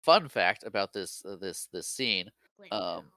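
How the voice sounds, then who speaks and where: Bright-voiced man sharing movie fun facts. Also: low-pitched, animated, no echo. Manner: chatty, shares fun facts, quick laughs. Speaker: podcast co-host. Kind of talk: casual movie recap chat.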